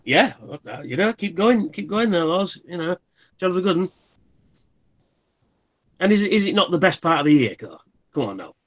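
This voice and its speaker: A man's voice: high voice, big pitch swings, moderate pace, pauses often, fairly bright tone. Swearing guy in his thirties. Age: 30s. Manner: swears freely, rambling anecdotes. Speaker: live stream host. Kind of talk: casual chat.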